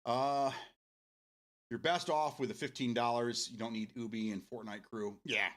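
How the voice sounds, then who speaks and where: A man's voice: medium pitch, fairly even intonation, normal speed, a bit bright. A man streaming games and chatting casually with his viewers, laughing often and swearing freely. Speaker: game streamer. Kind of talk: casual live-stream chat.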